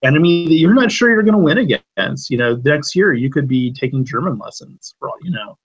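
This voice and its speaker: Husky rambling man podcast co-host. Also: a little high, fairly quick, lo-fi sound. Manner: rambling, many fillers, animated tangents. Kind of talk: casual chat.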